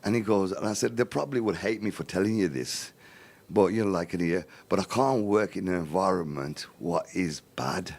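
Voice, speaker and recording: A middle-aged man from Birmingham, England speaks at normal speed in a very low voice, telling his own life story on a live charity appeal. Lively in the telling, he acts out quoted voices and keeps inserting verbal tics, "right, in here" among them.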